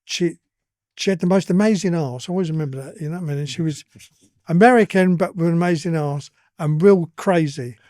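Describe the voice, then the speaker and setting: A man's voice: a little high, a little fast, darkish tone, dry recording, clean studio sound. An older man with an East London accent, telling stories as a podcast guest in a blunt, earthy way and swearing freely. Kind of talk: casual storytelling.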